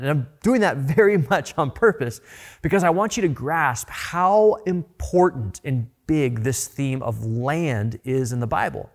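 A man's voice: medium pitch, animated, normal speed. A man preaching a sermon in an earnest way, often repeating words as he builds a point. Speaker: pastor.

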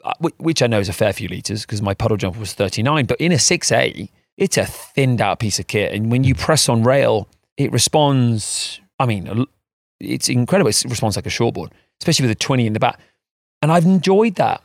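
An animated man rambles through a casual podcast chat and often pokes fun at himself. His pitch rises and falls a lot. The sound is dry and close to the mic. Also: brisk, gravelly, no echo. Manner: animated, rambling, self-mocking. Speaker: podcast co-host.

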